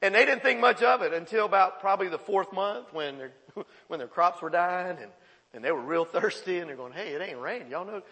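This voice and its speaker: A pastor preaches in a folksy, animated way. He retells an old story with quick asides and laughs. His voice sits high with a gravelly fry, and it carries a long reverb through the church. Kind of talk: sermon.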